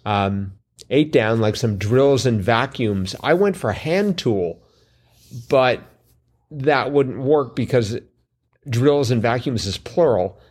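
A man's voice: medium pitch, animated, slow pace, darkish tone. Guy going over crossword clues, jokey and punny, lots of ums. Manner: punning, wry, many fillers. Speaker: crossword podcast co-host. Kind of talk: casual chat.

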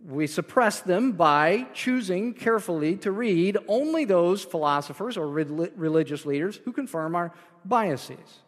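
A man's voice: high voice, expressive, a little slow, in a large hall. A man preaching a sermon as pastor, explaining scripture line by line with frequent restarts.

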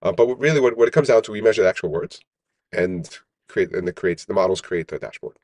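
Low-voiced man, animated founder. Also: quick pace, dry recording. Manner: animated, peppers speech with "right?". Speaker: company founder, interview guest. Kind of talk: casual interview talk.

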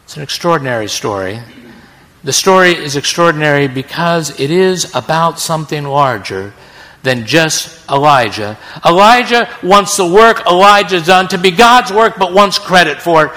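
A man preaching a sermon, telling a story dramatically with sudden hushed drops in his voice. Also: a little high, expressive, moderate pace. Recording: long reverb in a large hall.

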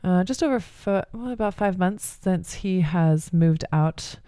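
A woman's voice: fairly low pitch, a little slow, mellow, clear, resonant tone, no echo, studio quality. A middle-aged woman, a mother, talking in a candid, rambling personal monologue full of fillers and restarts.

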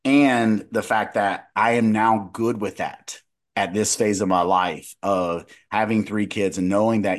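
A man's voice: fairly low pitch, moderate pace. A man in his thirties, a podcast co-host and dietitian, chatting casually and telling a story with many restarts. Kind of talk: casual conversational chat.

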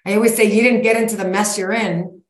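A woman's voice: mid-range voice, fairly even intonation, quick pace. Blunt, folksy woman in her forties. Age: 40s. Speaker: guest, sugar-cravings coach. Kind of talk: casual interview chat. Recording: roomy echo.

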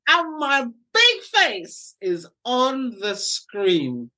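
A middle-aged British woman, a guest telling lively anecdotes and acting out the voices of the people in them. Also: on the high side, drawn-out words. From United Kingdom. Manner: animated, acts out voices in her anecdotes. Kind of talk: storytelling interview.

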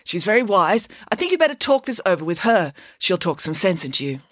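A woman's voice: fairly low pitch, very animated, fairly quick, a bit bright, no echo, clean studio sound. A woman voicing a sensible, cautious male sidekick who reasons politely. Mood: wary.

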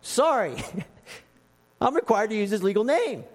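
A prim, patient nun teacher who corrects a boy gently as a man preacher acts her out. The voice sits high and moves lively, with a long echo from a big church hall. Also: unhurried. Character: prim gentle schoolteacher nun, middle-aged woman. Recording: echoey hall with long reverb.

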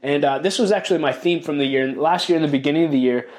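A man's voice: a little high, fast talker, darkish tone. Earnest, reflective man hosting a podcast. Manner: earnest, reflective, with frequent restarts and repeated phrases; openly emotional, calls himself sensitive. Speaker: podcast host. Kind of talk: podcast monologue sharing lessons.

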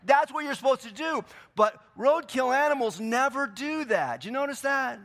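A man preaching a sermon in a church, swinging between loud, emphatic bursts and quieter scripture reading. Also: extremely high pitch, animated, moderate pace. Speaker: pastor. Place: church sanctuary.

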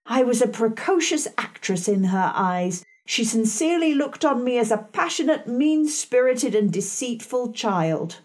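A woman narrating a novel in the first person, with a hushed, dramatic delivery. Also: on the high side, expressive, unhurried. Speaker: audiobook narrator.

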